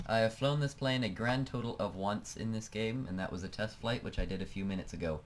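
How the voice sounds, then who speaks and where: A man's voice: on the low side, fairly quick, a little hiss or hum, poor audio. A man giving casual, self-mocking commentary while playing a flight game, laughing often. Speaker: let's play gamer.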